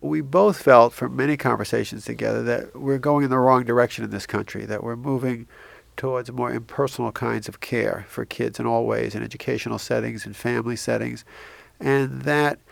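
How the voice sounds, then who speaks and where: A man guest expert explaining in an earnest, emphatic way, with a heavily gravelly, fry-laden voice. The sound is dry and close. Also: medium pitch, steady tone, normal speed, no room sound.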